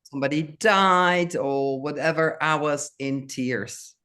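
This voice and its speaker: Slow, halting older woman. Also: sits low, fairly bright tone, clean tone. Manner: slow, halting, many restarts. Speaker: guest. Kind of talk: casual interview.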